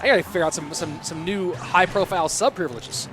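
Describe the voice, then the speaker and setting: High-voiced hype esports caster over music. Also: male voice, fast talker. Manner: excitable play-by-play with hype bursts. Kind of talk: live game commentary mixed with chat replies. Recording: game music clearly behind.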